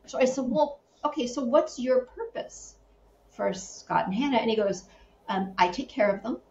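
A middle-aged woman with a fairly high voice tells stories animatedly, slipping into quoted voices and laughing often. Her voice sits in a roomy space, with slightly dull sound and a faint hum underneath. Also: expressive, moderate pace, darkish tone. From Connecticut. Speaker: podcast guest, animal communicator. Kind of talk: casual interview storytelling.

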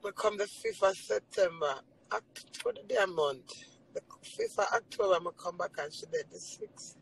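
A woman's voice: mid-range voice, wildly swooping pitch, normal speed, vocal fry, fairly bright tone, slight background noise, low-quality recording. A Jamaican woman livestreaming, talking in a raw, tearful way and swearing freely. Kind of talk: emotional casual monologue.

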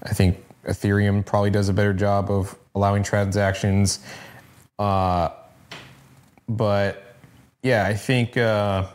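A man co-hosting a podcast who gives blunt, opinionated takes with casual swearing. His voice sits on the low side and keeps a relaxed, conversational delivery. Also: measured pace, pauses often. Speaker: podcast co-host. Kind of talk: casual chat.

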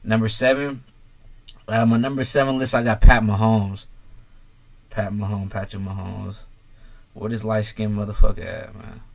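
A man's voice: on the low side, little pitch movement, normal speed, creaky, long pauses. A young man in a casual sports vlog, ranking players bluntly with lots of swearing and talking straight to the fans. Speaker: sports commentator ranking quarterbacks.

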